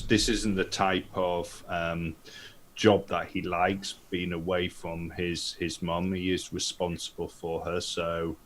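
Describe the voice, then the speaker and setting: A man playing a tabletop game who explains his plans steadily. His voice is very deep, with a faint hiss behind it. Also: fairly bright tone. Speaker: player.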